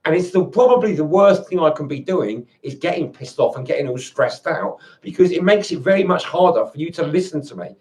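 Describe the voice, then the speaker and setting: A man's voice: a little high, animated, a little fast, few pauses, darkish tone. Agitated, swearing man ranting. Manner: agitated, swearing, repeats and restarts words. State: angry, worked up. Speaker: video rant maker. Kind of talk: angry monologue to camera.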